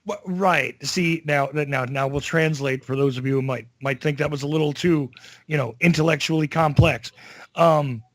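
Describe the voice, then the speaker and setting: A man's voice: on the high side, normal speed, fairly bright tone, no echo. A man with a Northeastern US Italian-American accent, a joking podcast guest who laughs often. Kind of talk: casual podcast chat.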